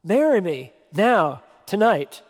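A man voicing a smart, sophisticated male war veteran who speaks quietly and sincerely. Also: sits high, very animated, takes it slowly, heavily acted. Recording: long hall reverb.

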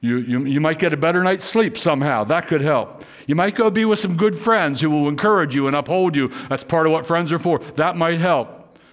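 Male pastor, fervent sermon delivery, somewhat high voice, repeats himself as he presses a point. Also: brisk. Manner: earnest preaching, rising to fervent pleas in quoted prayers; repeats and restarts words while preaching.

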